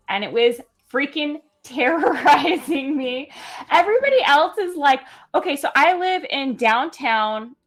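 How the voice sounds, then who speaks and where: A young woman from California in casual chat, animated and laughing as she tells stories. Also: on the high side. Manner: chatty and animated, laughs while telling stories. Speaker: stream guest.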